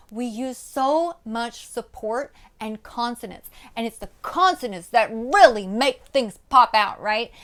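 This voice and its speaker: A woman voice coach giving a casual, animated lesson to camera, often checking in with "right?". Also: on the high side. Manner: breaks into loud demonstrations of vocal technique. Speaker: voice and music coach.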